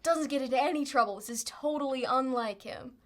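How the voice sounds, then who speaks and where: A woman voicing a tall, calm, mustached cowboy showman, speaking in a folksy, reassuring drawl with an easy, steady authority. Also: very high voice, a little fast, pitched above the performer's own voice. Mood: soothing.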